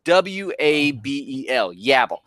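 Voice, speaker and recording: A man's voice: medium pitch, animated, slow pace, fairly bright tone, dry recording. A middle-aged man from the northern US, a guest telling a rambling, joking story in a casual way. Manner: rambling, self-deprecating, jokes around.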